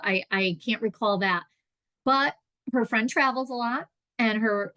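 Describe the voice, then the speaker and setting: Woman presenter, bit high voice, dry close sound, chatty, acts out little quoted voices. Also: fairly bright tone, dry recording. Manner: conversational, acts out scam callers and victims in quoted voices. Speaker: consumer protection presenter. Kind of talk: public presentation.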